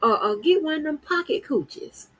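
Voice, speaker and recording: A middle-aged woman from Florida in casual, profane commentary, exasperated and swearing constantly as she swings from low mutters to high outbursts. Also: animated, moderate pace, low-quality recording. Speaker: streamer commenting on news.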